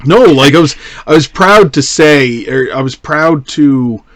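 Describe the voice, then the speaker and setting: A man's voice: fairly high pitch, unhurried, dry recording. A man hosting a casual movie podcast, talking loosely and with some swearing. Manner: loose, profane, animated delivery. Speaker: podcast host.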